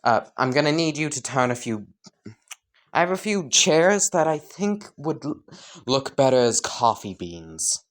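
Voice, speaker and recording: Woman doing a weary, dry male teacher; very low, unhurried drawl. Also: very animated, exaggerated voice. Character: worn-out, deadpan male teacher.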